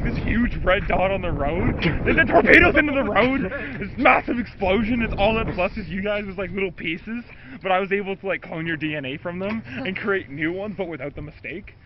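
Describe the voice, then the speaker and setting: A teenage boy telling a rambling improvised comedic story, fast and full of fillers, shouting the quotes he acts out. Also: high voice. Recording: dull lo-fi recording with noise.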